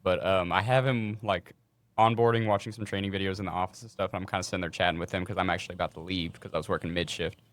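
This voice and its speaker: Low-voiced man telling a story, dry close sound. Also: rapid-fire, no room sound. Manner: animated, swearing, acts out voices in stories. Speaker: podcast co-host. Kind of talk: casual storytelling chat.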